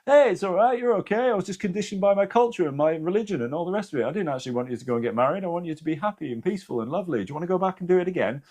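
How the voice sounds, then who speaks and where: A man voicing a gentle, reassuring father spirit in the afterlife, soft and easygoing. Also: high-pitched, lively intonation, rapid-fire, hardly any pauses, voice pushed up. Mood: soothing.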